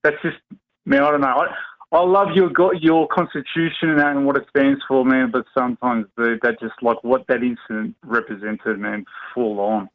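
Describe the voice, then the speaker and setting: A man's voice: medium pitch, fairly even intonation, moderate pace. A man from Australia with an Australian accent calling into a talk show, chatting casually in slang and calling everyone "man" and "mate". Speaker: caller. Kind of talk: casual phone-in chat. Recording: muffled phone-in line.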